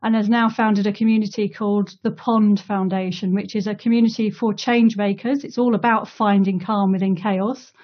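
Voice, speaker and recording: A woman's voice: mid-range voice, fairly even intonation, moderate pace, few pauses, lo-fi sound. A woman hosting a casual online interview, chatty, laughing easily and using many fillers, speaking over a video call. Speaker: host of an online community talk.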